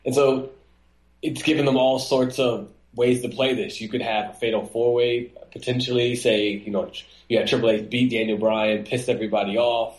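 A man co-hosting a laid-back podcast, animated, breaking into a high mocking voice to act out what others said. He sounds like he's in an echoey room, at a middle pitch. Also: normal speed. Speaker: podcast co-host. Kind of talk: casual wrestling podcast chat.

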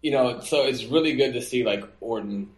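A man co-hosting a laid-back podcast, animated, breaking into a high mocking voice to act out what others said. He sounds like he's in an echoey room, at a middle pitch. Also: moderate pace, a little hiss or hum. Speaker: podcast co-host. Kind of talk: casual wrestling podcast chat.

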